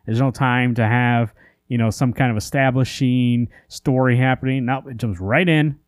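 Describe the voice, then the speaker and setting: A man's voice: mid-range voice, fairly even intonation, normal speed, no echo, studio quality. A man co-hosting a podcast in casual chat, rambling with lots of fillers and restarts while he rants in exasperation. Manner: exasperated ranting. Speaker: comic book podcast co-host.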